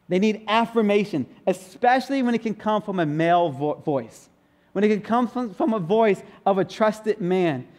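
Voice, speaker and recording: A man, a pastor, preaching a sermon in a church in a playful, emphatic way, slowing down to stress repeated lines. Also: high voice, darkish tone. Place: church sanctuary.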